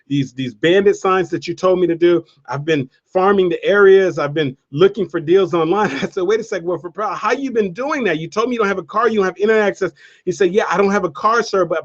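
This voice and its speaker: A man giving a motivational talk, telling a story with an energetic, repetitive preacher-like cadence. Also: sits high, lo-fi sound. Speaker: motivational speaker.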